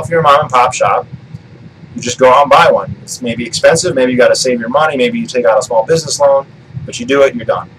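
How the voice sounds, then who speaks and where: A man's voice: medium pitch, fairly bright tone, a little hiss or hum, rough recording. A man talking through an argument off the cuff, rambling, restarting sentences and swearing now and then. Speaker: political commentary vlogger. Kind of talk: casual monologue.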